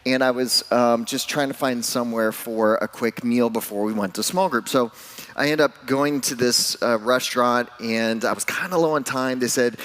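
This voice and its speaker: A man preaching a sermon at an ordinary mid pitch. He talks like he is chatting with friends, telling a personal story with dry, self-deprecating humor and easy asides to the congregation. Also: moderate pace, fairly bright tone. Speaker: pastor.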